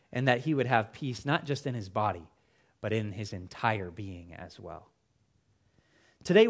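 A man preaching a sermon, with an expressive, emphatic delivery whose phrases fall away at the ends. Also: medium pitch.

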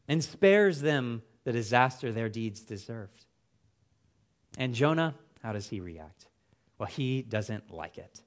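Lively, emphatic male preacher. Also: medium pitch. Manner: expressive, emphatic delivery with falling phrase ends. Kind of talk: sermon.

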